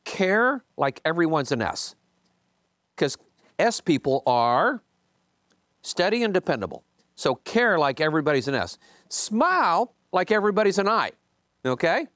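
Animated man leading a meeting. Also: a little slow, pauses often, no echo, studio quality. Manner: animated, emphatic, jumps high in pitch when stressing a point. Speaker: company owner leading a team meeting. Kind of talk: casual book commentary to a team.

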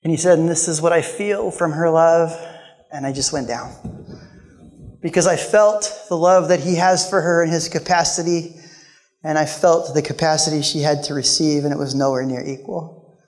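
A man's voice: fairly high pitch, fairly even intonation, normal speed. Man preaching in a reverberant hall. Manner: storytelling, emotional, shifts between loud and hushed. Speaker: guest speaker. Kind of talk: sermon.

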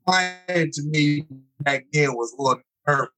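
Middle-aged man, guest storyteller, animated, slightly higher voice, acts out every scene. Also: measured pace, faint music behind, rough recording. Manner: lively, acts out scenes with sudden high-pitched exclamations. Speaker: guest telling personal stories.

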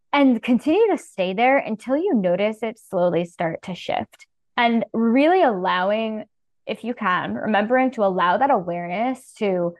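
In a dry recording, a woman with a medium-pitched voice gently guides listeners through a breathing exercise. Her casual delivery is soothing and earnest, and she leans heavily on the filler "like."

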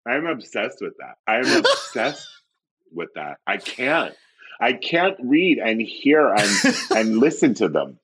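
A man, a comedian guest, telling expressive stories in casual chat. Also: normal speed, husky, poor audio. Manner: expressive storyteller, swings pitch widely. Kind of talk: animated anecdotal chat.

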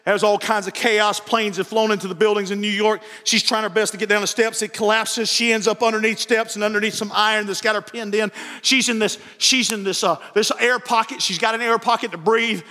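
A man delivers a sermon in a high, ringing voice that carries a sharp brightness. He tells stories and repeats phrases as he builds toward impassioned preaching. The sound rings out through a large, reverberant church hall. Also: fairly even intonation, brisk. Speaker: pastor. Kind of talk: evening sermon storytelling.

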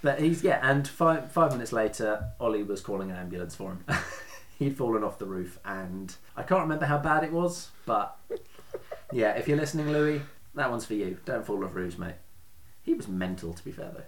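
A man's voice: on the low side, animated, moderate pace, noisy background. A man hosting a casual podcast, telling stories in a chatty way and laughing often. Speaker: podcast host.

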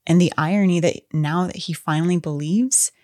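A woman's voice: fairly low pitch, normal speed, mellow, no echo, studio quality. A woman co-hosting a podcast, chatting casually about a film with enthusiastic, openly emotional fan talk. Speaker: podcast co-host.

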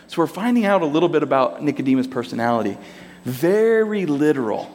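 A man's voice: medium pitch, sing-song, normal speed, a little mellow. A man preaching a sermon, telling the story with animation and acting out the characters in voices. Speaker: pastor. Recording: long reverb of a large hall.

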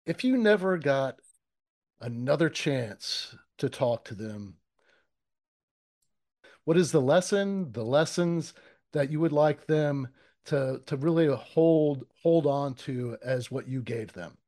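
Guy hosting a podcast, slow careful questions, average pitch. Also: expressive, darkish tone. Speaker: podcast host. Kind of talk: interview questions.

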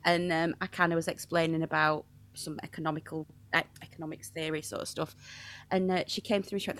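A woman priest with a regional English accent, telling stories in a playful, animated way during an interview. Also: low voice, brisk. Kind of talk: conversational interview.

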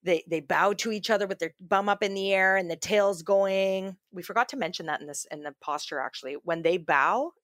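A woman's voice: mid-range voice, a little fast, few pauses, fairly bright tone, no room sound, studio quality. A woman co-hosting a podcast, telling stories in a loose, chatty way with many fillers and restarts. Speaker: podcast co-host. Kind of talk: casual chat.

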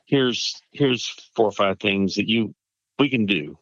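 Male pastor, reflective and thinking aloud, lowish voice, dull muffled recording. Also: unhurried, fairly bright tone, no room sound. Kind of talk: casual conversation.

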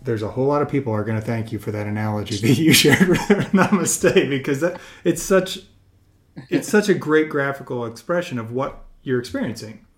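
Male host, conversational, encouraging, easy laughter, mid pitch. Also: a little fast. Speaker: podcast host. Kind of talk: casual interview chat.

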